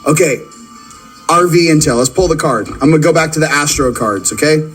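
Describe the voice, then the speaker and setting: A man's voice: fairly high pitch, brisk, fairly bright tone, husky, rough recording. A man hosting a casual spiritual card-reading video, rambling and joking while speaking straight to his viewers. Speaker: channel host doing card readings. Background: faint background music.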